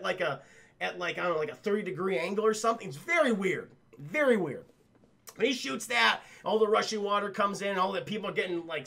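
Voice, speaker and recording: A man's voice: sits high, gravelly, sharp tone. A young man on a livestream, casually recapping a film scene by scene for his chat, rambling and swearing as he goes. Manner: rambling, profane, keeps addressing the chat.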